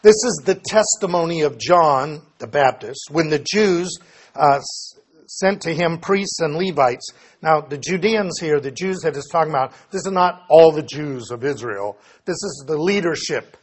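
A man's voice: a little high, animated, moderate pace, slightly rough. A man teaching a Bible study lesson, reading scripture passages aloud and explaining them plainly, often correcting himself as he goes.

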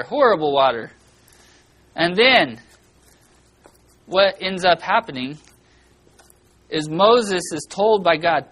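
With a slightly breathy, mid-range voice, a children's church teacher speaks slowly and pauses often while giving a vivid Bible lesson, asking the kids many questions and breaking into loud, dramatic bursts. The audio is poor.

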